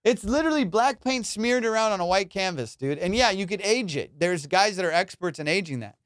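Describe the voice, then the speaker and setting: A man hosting a comedy podcast, ranting in a casual, profane, animated way and slipping into mock voices. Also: sits high, brisk, smooth, no echo, studio quality. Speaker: podcast host.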